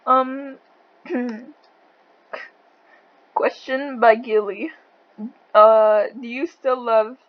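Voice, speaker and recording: Slow-talking woman interviewer, thick accent. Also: fairly high pitch, steady tone, lo-fi sound. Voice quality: says she has a thick accent. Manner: blunt, swears freely, laughs often. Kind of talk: casual online interview over voice chat.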